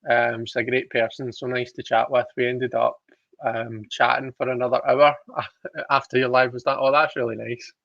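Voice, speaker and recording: A man's voice: mid-range voice, level tone, normal speed, gravelly, fairly bright tone, no room sound, highs cut off. A man hosting a livestream, chatting casually, reading out viewer comments with giggly, self-deprecating asides. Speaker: livestream host reading tarot.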